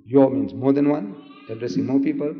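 A man's voice: medium pitch, a little fast. Emphatic man lecturing in an echoey hall. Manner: emphatic, rhetorical, quizzes the audience. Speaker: debater. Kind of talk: public debate lecture. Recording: old echoey hall recording, dull sound.

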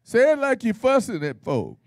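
A man pastor leads a Bible study in a folksy, teasing call-and-response style. His voice sits high and swoops all over the place. The sound is dry and close. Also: wildly swooping pitch, normal speed, dry recording. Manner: folksy, playful, call-and-response preaching with laughter.

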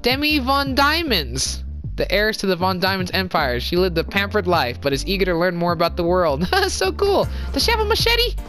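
A woman giving casual let's-play commentary, chatty and apologetic, quick to exclaim at what happens on screen. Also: mid-range voice, very animated, fairly bright tone. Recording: game music behind voice.

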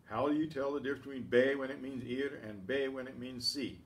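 A man teaching a language lesson, reading Spanish example sentences, then explaining them in English and often clearing his throat. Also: mid-range voice, fairly even intonation, fairly quick, far from the mic. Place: classroom or community center room.

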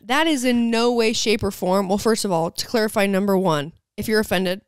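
Brisk and smooth, her medium-pitched voice comes through as clean studio sound without any room tone. She's hosting a casual podcast in her parents' living room, giggling a lot, teasing bluntly, and reading an ad.

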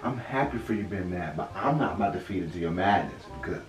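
A man's voice: low voice, animated, quick pace, distant mic. A man in a casual prank vlog, teasing and arguing back at his partner in their bedroom. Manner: teasing, laughs, argues back. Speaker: vlogger, boyfriend. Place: bedroom at home. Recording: roomy, off-mic, faint music.

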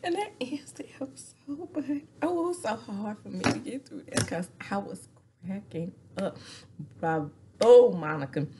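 A woman's voice: fairly high pitch, very animated, moderate pace, a little mellow, a little hiss or hum. A woman in her forties chatting casually through a reality-TV recap, gossipy, laughing often and dropping into whispers. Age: 40s. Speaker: recap vlogger.

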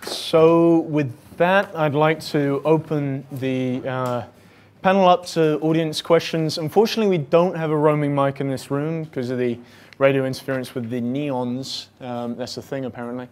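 A man's voice: on the high side, steady tone, moderate pace. A man moderating a panel discussion, opening the floor to audience questions with a hesitant delivery. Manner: hesitant, full of ums. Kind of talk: hosting a panel Q&A.

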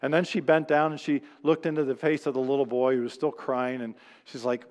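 A man's voice: medium pitch, level tone, brisk, darkish tone, big-room sound. A man preaching a sermon as pastor, telling stories in a conversational way and acting out the people he quotes. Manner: conversational storytelling preacher, acts out quoted voices. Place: church sanctuary.

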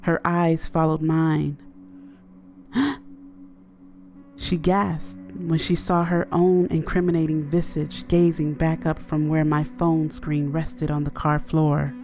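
A woman narrating a horror story in a measured, low-key way. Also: level tone, a little mellow, soft background music.

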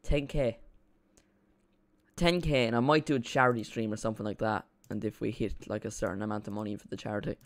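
A young Irish man chatting and rambling excitably through a live football watch-along stream. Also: fairly low pitch, very fast, vocal fry, few pauses.

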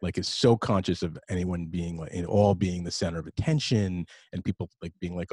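A male podcast host in his forties with a very deep, husky voice. He asks enthusiastic questions that ramble. The sound is dry and close, with no room echo. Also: fairly quick, hardly any pauses, darkish tone. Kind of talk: casual interview chat.

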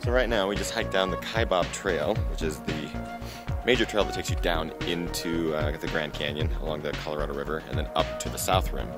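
Deep-voiced joking young guy vlogging outdoors. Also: fairly even intonation, fairly quick, over loud music. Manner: self-mocking, jokey, sometimes hushed. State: out of breath at times. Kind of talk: jokey travel vlog. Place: outdoors on a canyon rim. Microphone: handheld camera selfie.

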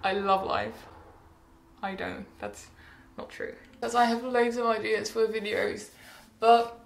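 A woman's voice: fairly high pitch, steady tone, measured pace, creaky, echoey room. A teenage girl chatting casually in a rambling, bubbly update vlog, often laughing and correcting herself. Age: teens. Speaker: vlogger.

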